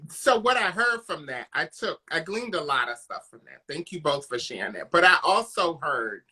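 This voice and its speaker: Panel moderator, lively pitch, bright tense tone, husky. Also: moderate pace.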